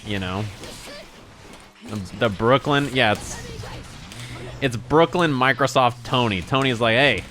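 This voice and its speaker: Bright-voiced, profane male streamer. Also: medium pitch, slow, long pauses, faint music behind. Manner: profane, rambling, exasperated. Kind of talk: casual live-stream chat while playing.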